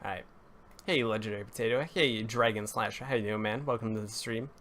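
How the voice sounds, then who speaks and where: A man's voice: fairly low pitch, brisk, a bit bright, slight background noise. A young man live-streaming a building session, rambling and correcting himself as he greets viewers and talks to chat, his voice cracking now and then. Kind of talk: casual live-stream commentary while building.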